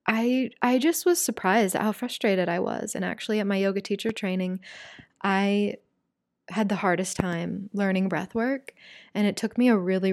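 A young woman leads a breathwork lesson in a calm, hushed voice that turns chatty and candid when she explains. Her pitch sits in a middling range, and the sound is close and dry with no room echo. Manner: calm, soft-spoken, casual and candid. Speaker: breathwork and yoga teacher.

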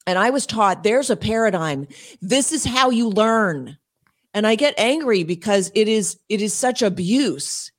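A woman speaking as an interview guest and homeschool advocate, emphatic and quick, with frequent laughs and restarts. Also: medium pitch. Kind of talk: passionate interview talk.

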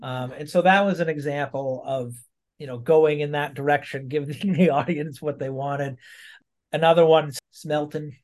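A man's voice: on the high side, fairly even intonation, moderate pace. A man from Maine in casual conversation, chatty, laughing often and restarting his sentences. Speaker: podcast guest. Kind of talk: casual chat.

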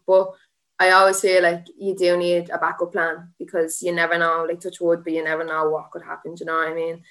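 An Irish woman in her twenties, an MMA fighter and student teacher, appears as a guest on a podcast for a casual chat. She rambles chattily, filling her talk with "like" and laughing often. Her voice is on the low side, steady, brisk, bright and forceful.

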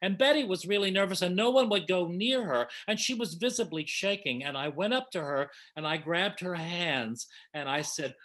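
An older man recounts old memories in an effusive, emotional way. His voice sits a touch high and rings bright and forceful. It is an easygoing chat. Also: expressive, moderate pace, hardly any pauses. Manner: warm, emotional, effusive reminiscing. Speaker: panel guest reminiscing. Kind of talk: casual storytelling.

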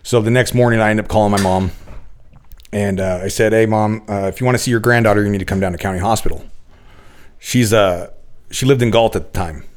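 Guy in his 30s, lowish voice, swears a lot, keeps restarting, casual podcast chat. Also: brisk. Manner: blunt, heavy cursing, many restarts. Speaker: guest telling his recovery story.

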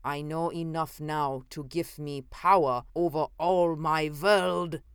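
A woman's voice: on the low side, very animated, a little slow, a bit bright, dry recording, studio quality. A woman reading an audiobook, voicing a menacing male villain who rants and snarls about ruling the world. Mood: ranting. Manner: snarling, triumphant ranting. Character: menacing scheming man, megalomaniac villain.

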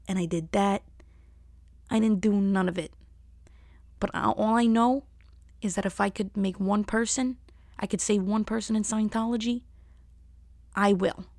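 A woman imitating a weary, defiant woman reading a statement slowly and dismissively. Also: mid-range voice, gravelly, no echo, studio quality. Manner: slow, flat, dismissive.

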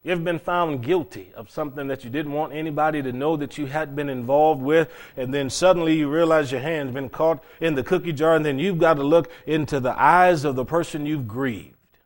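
A man preaching a sermon as pastor, dramatic, swinging between loud declarations and hushed asides, asking the congregation rhetorical questions. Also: on the high side, fairly quick.

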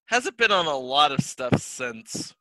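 A man's voice: medium pitch, very animated, a little slow, bright, forceful tone, no room sound, poor audio. A man co-hosting a casual podcast, reading cast notes and teasing his partner. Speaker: podcast co-host. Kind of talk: casual chat about old TV.

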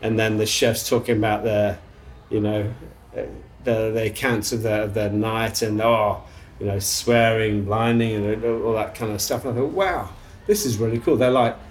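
A middle-aged English man, a chef, telling stories from his career in a casual interview, with restarts, throat clearing and casual swearing. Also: on the low side, fairly even intonation, moderate pace, a little hiss or hum. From England. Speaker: chef guest.

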